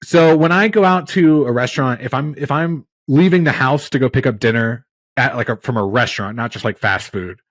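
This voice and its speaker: Man, podcast host, rambling exasperated storytelling, mid-pitched voice, dry close mic. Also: a little fast, no room sound. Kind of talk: casual chat.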